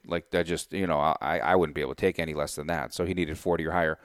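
A real estate investor with a low voice talks fast, barely pausing, in a dry, echo-free studio recording. Casually recounting a story to camera, he animatedly acts out both sides of a deal and thinks out loud as he works through the sums.

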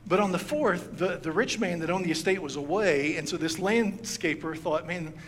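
A man's voice: sits high, normal speed, a bit bright. A man preaching a sermon as pastor, telling a story and acting out its quoted lines. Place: church sanctuary. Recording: long hall reverb, faint ambience.

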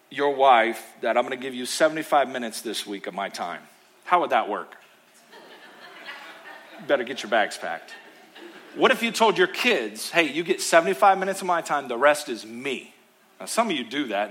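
A male pastor with a mid-range voice preaches a sermon in church, emphatic and rhythmically repetitive, swinging between loud calls and hushed asides.

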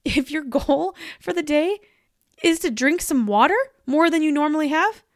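High-voiced upbeat woman podcaster. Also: animated, moderate pace, dry recording, studio quality. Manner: upbeat, encouraging, talks straight to the listener. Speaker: podcast host. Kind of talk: motivational pep talk.

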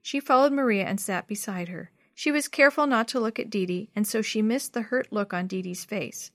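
A woman narrating a children's chapter book in a clear, steady storytelling voice. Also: medium pitch, brisk, no echo, clean studio sound.

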